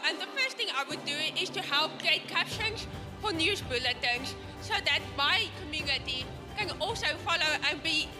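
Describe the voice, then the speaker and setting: A woman giving halting, rehearsed answers as a pageant winner onstage. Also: extremely high pitch. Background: music.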